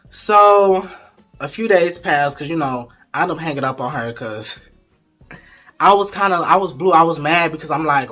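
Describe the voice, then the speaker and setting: A young man telling a storytime vlog story in an animated, profane, gossipy way. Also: a little high, moderate pace, soft background music. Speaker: vlogger.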